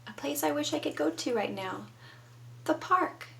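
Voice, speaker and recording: Gravelly-voiced lady teacher talking slow and patient to little kids, mic a bit far off, faint noise. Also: high-pitched, lively intonation, bright, forceful tone. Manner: patient, prompting young children to answer. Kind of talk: children's lesson. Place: home.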